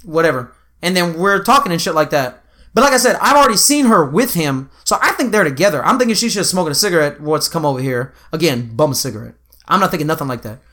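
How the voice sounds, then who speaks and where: A young man telling a story in casual chat, animated, with slang and swearing. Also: high-pitched.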